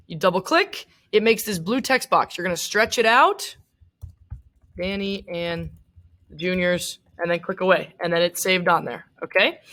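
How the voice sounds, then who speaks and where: A woman's voice: medium pitch, fairly bright tone. A young woman teacher giving a casual recorded lecture, chatty, with many fillers and asides.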